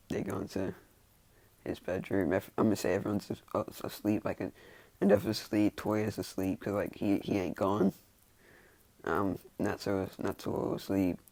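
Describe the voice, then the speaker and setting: Gravelly, husky man rambling through a story. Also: on the low side, darkish tone, no echo. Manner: hesitant and rambling, many restarts, chuckles often. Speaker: fan storyteller. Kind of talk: casual, rambling retelling of a fan-made scenario.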